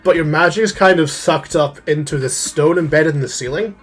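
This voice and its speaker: Young male game master, chatty narrator, higher register. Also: fairly quick, breathy edge, faint music behind.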